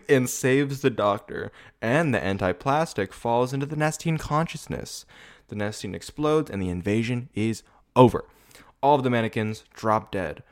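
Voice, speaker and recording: A man in his twenties hosting a casual rewatch video, rambling, swearing and laughing often as he talks. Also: medium pitch. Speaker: video podcast host. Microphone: camera setup.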